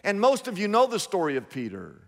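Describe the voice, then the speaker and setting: Male preacher, sermon, emphatic storytelling, high voice, long reverb. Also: wildly swooping pitch, a little fast.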